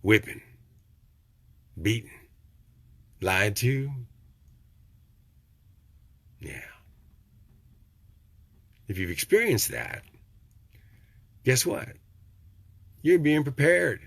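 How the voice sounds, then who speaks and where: An older man from Texas giving a rambling, preachy motivational talk, swinging from low and quiet to loud. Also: sing-song, extremely slow, vocal fry, pauses often, no echo. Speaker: vlogger.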